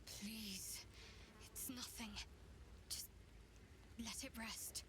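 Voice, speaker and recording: A woman's voice: fairly high pitch, fairly even intonation, very slow, noisy background. A woman voicing a guarded game companion who hesitantly avoids talking about something painful. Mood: evasive. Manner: hesitant and evasive. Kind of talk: video game dialogue.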